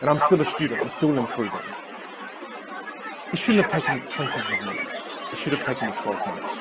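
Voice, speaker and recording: Fast, animated male speaker before a crowd. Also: heavy background noise. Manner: animated, acting out inner voices with big pitch jumps. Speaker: communication coach. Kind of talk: live seminar talk.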